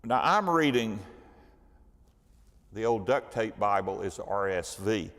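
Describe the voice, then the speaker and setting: A man's voice: fairly low pitch, lively intonation, takes it slowly, fairly bright tone, long reverb tail. A man teaching a church Bible study class, telling the story with animation and asking the class questions. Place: church hall.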